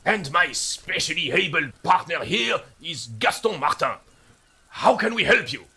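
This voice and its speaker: A woman's voice: lowish voice, animated, measured pace, bright, forceful tone, slightly rough, voice pushed down, exaggerated voice. A woman voicing a proud, polite old Frenchman in an exaggerated mock French accent, speaking stiffly and formally. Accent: put-on mock French.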